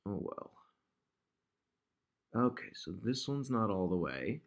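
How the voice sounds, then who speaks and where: A low-voiced man with a gravelly edge to his voice walks through his design work in a relaxed screen-recording tutorial. He thinks out loud as he goes and talks to the shapes on screen as if they could hear him. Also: slow. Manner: thinks aloud, chatty, talks to objects on screen. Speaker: digital marketer demonstrating ad design.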